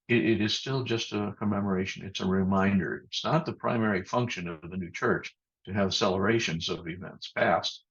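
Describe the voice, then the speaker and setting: Preaching with care and deliberation, this male pastor often stops and restarts his thoughts. He has a husky, somewhat low voice, and the sound comes through muffled, much like a video call.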